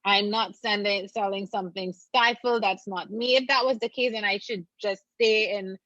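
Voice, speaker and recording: A woman's voice: medium pitch, steady tone, moderate pace, fairly bright tone, no echo. Earnest woman guest on a dull, dry line. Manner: earnest and encouraging, repeats phrases for emphasis. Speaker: guest, attorney. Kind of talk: casual interview chat.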